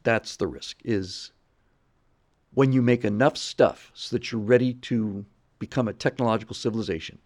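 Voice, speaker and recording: A man's voice: fairly low pitch, moderate pace, a little mellow. A middle-aged man hosting a livestream in casual chat; he rambles and repeats words while reading viewer messages. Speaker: livestream host.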